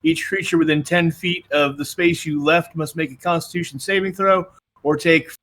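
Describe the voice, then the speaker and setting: A man's voice: fairly high pitch, steady tone, normal speed, a bit bright. A man playing a tabletop game, hesitant with many ums, then rattling off rules explanations. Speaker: player.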